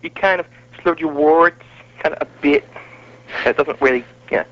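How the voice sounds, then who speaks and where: A man's voice: on the high side, normal speed. A man hosting a casual wrestling podcast, chatty and self-mocking. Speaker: podcast host. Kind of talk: casual chat. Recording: muffled lo-fi audio.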